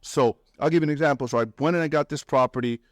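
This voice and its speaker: A man talking to a meetup crowd about investing, with a blunt, animated delivery and the odd curse. He mimics other people's voices by pitching up sharply. The sound is dry and close, with no room echo. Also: quick pace. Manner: blunt and swearing, acts out quoted people in raised pitch. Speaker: real estate investor and mentor speaking at a meetup. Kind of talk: animated talk to a live audience.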